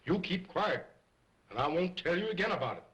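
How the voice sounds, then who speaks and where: A grandiose, self-important ventriloquist who speaks in stiff, formal phrases and keeps scolding his partner. His voice is forceful and husky, delivered in early sound film style. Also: high-pitched, big pitch swings, fairly quick, highs cut off, heavily acted. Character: pompous egocentric male stage ventriloquist. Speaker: stage ventriloquist.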